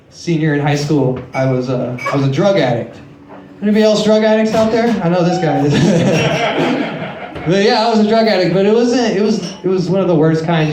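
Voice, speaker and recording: A man's voice: high voice, darkish tone. A man in his late twenties doing a stand-up set on a comedy club stage, telling crude, self-mocking stories into a handheld mic. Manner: crude, self-mocking storytelling with frequent swearing. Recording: echoey club room.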